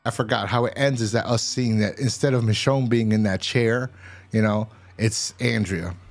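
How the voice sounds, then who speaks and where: Low-voiced man rambling through a recap. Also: steady tone, moderate pace, faint music behind. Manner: rambling recap with frequent restarts. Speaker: show host reviewing TV episodes. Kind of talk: casual episode review and recap.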